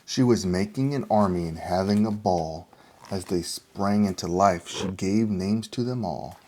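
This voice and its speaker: A man reading a rhyming picture book aloud in a steady, rhythmic storytelling manner. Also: sits low, measured pace. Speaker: storybook reader.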